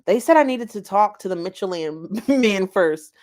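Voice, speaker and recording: A woman's voice: medium pitch, expressive, moderate pace, darkish tone, lightly acted. A woman voicing a tiny, bubbly, childish woman who talks in a whiny, self-assured way. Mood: complaining.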